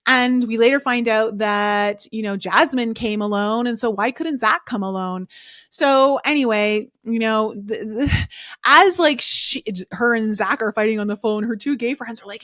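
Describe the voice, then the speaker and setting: A woman's voice: on the high side, unhurried, a bit bright, no echo, clean studio sound. A woman hosting a podcast, recapping a reality show in a casual, chatty way full of fillers and strong opinions. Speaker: podcast host.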